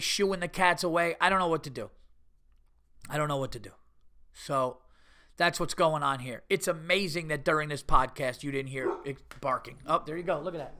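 A middle-aged podcast host speaks directly into his mic in a loose, animated solo monologue, swearing freely as he tells stories. His voice is a little high for a man, bright, with a forward edge.

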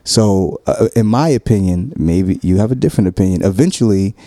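Man with a very dark, low voice. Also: animated, fairly quick, dry recording, studio quality. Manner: earnest, explains at length with repeated examples. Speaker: podcast co-host. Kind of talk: casual relationship talk.

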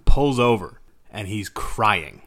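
A man co-hosting a casual podcast, telling animated stories with lots of swearing and mock-angry outbursts. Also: on the low side, slow pace. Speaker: podcast co-host. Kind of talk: casual chat.

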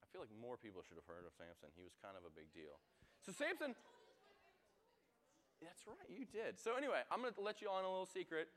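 A young man giving a youth sermon, telling a self-mocking personal story in a lively, joking way. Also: a little high, fast. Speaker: youth speaker.

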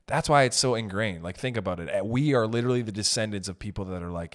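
Rambling comedian riffing. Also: male voice, fast talker, hardly any pauses. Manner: rambling, joking, swerving pitch and pace. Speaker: comedian host. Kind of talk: casual comedic monologue.

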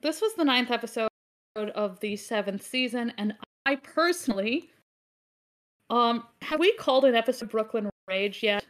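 A woman co-hosting a podcast in casual chat, steering the talk with quick asides, on her own mic over a remote call. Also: fairly high pitch, lively intonation. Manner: organizing, quick asides, scattered. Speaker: podcast co-host and editor.

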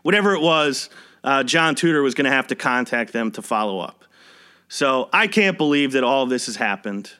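Bright-voiced man telling a wry story. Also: mid-range voice, expressive, normal speed, clean tone. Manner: wry, conversational, chuckles through the story. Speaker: podcast host. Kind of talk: casual anecdote storytelling.

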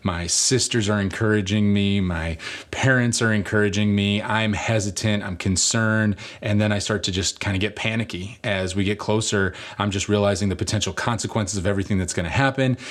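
A man preaching a sermon, telling a personal story in a lively way and joking about himself. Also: on the low side, a little fast. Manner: animated storytelling, self-mocking humor. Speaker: pastor.

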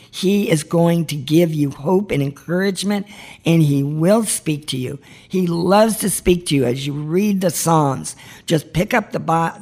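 Slow, earnest woman giving devotional teaching. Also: low voice, a little mellow. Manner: earnest, pleading, heartfelt. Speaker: host of a marriage ministry podcast.

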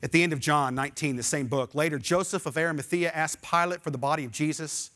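Male pastor, middle-aged, bright high-ish voice, animated sermon delivery. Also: fast. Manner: animated preaching, call-and-response with congregation.

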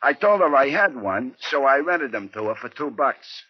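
A man's voice: medium pitch, animated, normal speed, husky. An actor playing a chummy, streetwise reformed male pickpocket in 1940s radio acting, on a lo-fi old broadcast. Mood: sly. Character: wisecracking reformed male pickpocket, hotel clerk.

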